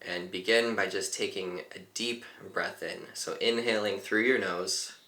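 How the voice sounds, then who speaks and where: A man leading a guided meditation in a calm, unhurried, gently instructive way. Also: deep voice, echoey room, slight background noise. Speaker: meditation teacher.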